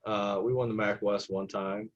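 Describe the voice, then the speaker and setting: A man's voice: fairly low pitch, moderate pace. A young man, an assistant basketball coach, telling stories in a casual podcast interview and acting out the people he quotes. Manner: animated storyteller who acts out the people he quotes. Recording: dull lo-fi podcast audio.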